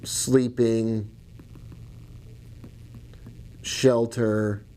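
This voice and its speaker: A man's voice: medium pitch, little pitch movement, drawn-out words, warm tone. A man teaching about trading in a casual video lesson, chatty and digressive, with jokes and asides. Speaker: trading educator.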